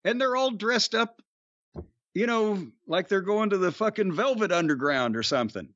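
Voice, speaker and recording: High-voiced profane storytelling man. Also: normal speed, no echo, dull audio. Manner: profane, rambling, animated anecdotes with restarts. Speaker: podcast co-host telling wrestling stories. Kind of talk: casual storytelling chat.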